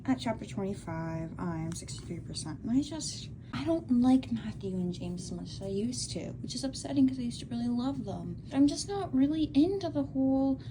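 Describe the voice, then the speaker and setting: Chatty young woman, high bright voice. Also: brisk, hardly any pauses. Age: young adult. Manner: chatty and excitable, rambling. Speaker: book vlogger. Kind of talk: casual reading vlog. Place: indoor room with green screen. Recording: echoey room with audible background noise.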